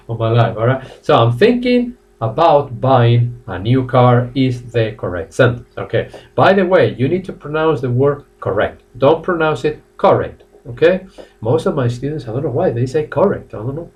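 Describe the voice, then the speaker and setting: A man with a Spanish accent teaching a live online English lesson, animated, laughing often and calling on viewers by name. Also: mid-range voice, distant mic. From Spain. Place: classroom.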